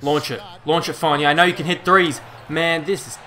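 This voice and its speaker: A man's voice: a little high, steady tone, brisk. Exasperated young man commentating his game. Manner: exasperated, swearing, swings between shouting and muttering. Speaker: gaming commentator. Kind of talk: live gameplay commentary.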